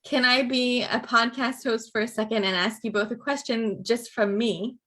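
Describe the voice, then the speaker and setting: A woman's voice: on the high side, steady tone, moderate pace, sharp tone. A woman hosting a casual chat, asking short friendly questions. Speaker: chat host.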